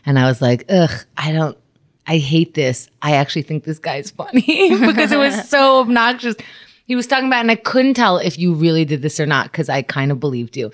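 A woman comedian chatting casually, telling animated stories with frequent laughter. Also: sits low, fairly quick. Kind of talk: casual chat.

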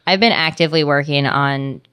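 A woman's voice: low voice, fairly bright tone, clear, resonant tone, no echo. A woman comedian in casual chat, rattling along with lots of fillers, self-deprecating. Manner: fast, filler-heavy, self-deprecating chatter. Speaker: comedian guest.

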